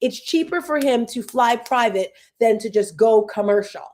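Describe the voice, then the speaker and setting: A woman's voice: on the high side, darkish tone. A woman in her fifties hosting a casual talk, rambling and emotional, sometimes close to tears. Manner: emotional, rambling, fast tangents. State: tearful. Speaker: host.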